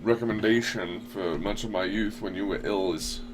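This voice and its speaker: A man's voice: lowish voice, normal speed, noisy background. A man hosting a casual online radio show, rambling loosely and swearing now and then. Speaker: podcast host. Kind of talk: casual talk radio chat.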